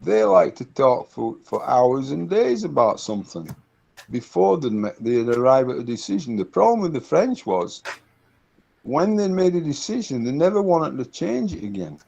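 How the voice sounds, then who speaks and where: Gravelly man telling work stories. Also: mid-range voice, very animated, normal speed, a little mellow. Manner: anecdotal, repeats words while searching. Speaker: interviewee, consultant. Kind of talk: casual interview talk. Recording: dull lo-fi recording.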